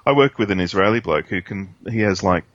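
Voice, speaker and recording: A man's voice: deep voice, expressive, fairly quick, fairly bright tone, dry recording, muffled recording. A man with a nasal voice, co-hosting a casual podcast, hesitant and self-deprecating. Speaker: podcast co-host. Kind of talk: casual chat.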